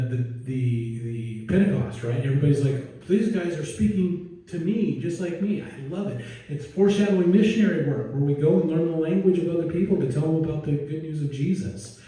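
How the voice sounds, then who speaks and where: A man's voice: fairly high pitch, warm tone. A male pastor preaching a casual, digressive sermon with joking asides and restarts, heard in a church sanctuary. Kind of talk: conversational sermon. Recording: very echoey room, distant mic.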